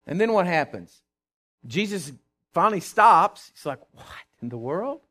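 A man preaching a sermon, emphatic, with call-and-response, swinging from loud to hushed. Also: sits high. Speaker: pastor.

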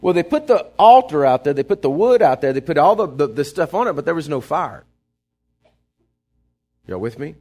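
A man preaching a sermon in a folksy, conversational way, with asides to the congregation, swinging between quiet asides and emphatic bursts. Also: a little high, very animated, moderate pace, long pauses. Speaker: pastor.

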